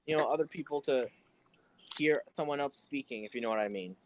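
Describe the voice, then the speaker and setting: A man's voice: medium pitch, brisk, heavy background noise. A man hosting a casual livestream chat, grumbling and repeating himself over a voice-call mic. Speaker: livestream host.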